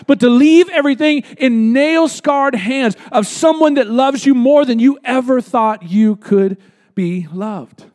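A man's voice: very high voice, normal speed, a little mellow. A man preaching a sermon as pastor before a congregation, talking conversationally with rhetorical questions and repeating words for emphasis.

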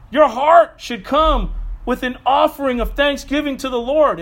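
High-pitched guy preaching, fired up and chatty, pastor sermon vibes. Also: fairly bright tone. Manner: fired-up, conversational preaching with asides.

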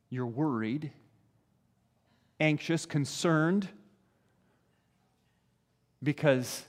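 A man's voice: mid-range voice, long reverb tail. A man giving a sermon in a conversational way, often asking "right?" and briefly acting out the voices of parents and children. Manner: conversational, frequent "right?" asides, acts out voices of parents and kids. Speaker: pastor.

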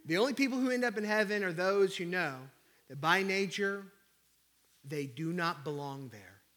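High-voiced pastor preaching a sermon. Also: male voice, lively intonation, moderate pace. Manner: rhetorical repeated questions, swinging from loud to hushed.

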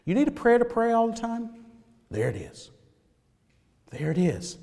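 A male pastor preaching a sermon, swinging between loud emphasis and hushed, near-whispered lines. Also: very high voice, big pitch swings, a little slow, gravelly, long reverb tail.

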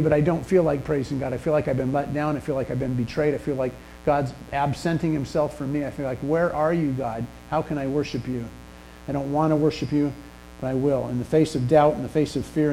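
A man delivers a sermon in a relaxed, storytelling manner, poking gentle fun at himself. His voice is gravelly and dark in tone. A faint mains hum sits under the recording. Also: medium pitch, low-quality recording. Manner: conversational, self-deprecating anecdotes. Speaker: pastor.

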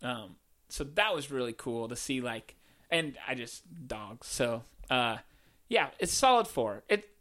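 A man co-hosting a podcast in casual chat, relaxed, laughing often and trailing off mid-thought. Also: medium pitch, unhurried. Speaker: podcast co-host.

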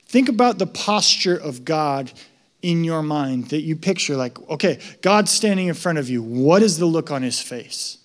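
A male pastor preaching a sermon in a conversational, emphatic way that rises to loud excitement. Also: on the high side, moderate pace.

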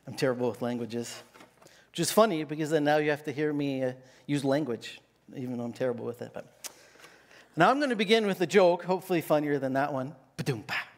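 A man with a notably high-pitched voice gives a Sunday sermon. He talks casually, jokes at his own expense, and keeps a conversational tone with the congregation. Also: expressive, brisk, long pauses. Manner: casual, self-deprecating and joking. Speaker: pastor. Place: church.

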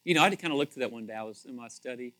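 A man preaching a sermon in a conversational, animated way, repeating himself and swinging between loud emphasis and quiet asides. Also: mid-range voice, rapid-fire. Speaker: pastor.

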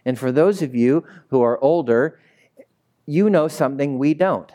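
A man's voice: mid-range voice, unhurried, warm tone. A younger man, a pastor, giving a conversational, jokey sermon and drawing the congregation into call-and-response. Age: young adult. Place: church sanctuary with a congregation.

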